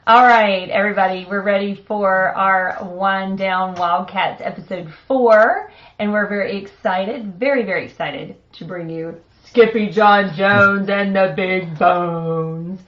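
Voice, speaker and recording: A woman's voice: medium pitch, unhurried. Cheerful middle-aged woman reading aloud. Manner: cheerful, chuckling, chatty. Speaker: host reading a children's book. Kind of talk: picture book read-aloud on a live stream. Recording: dull, muffled sound.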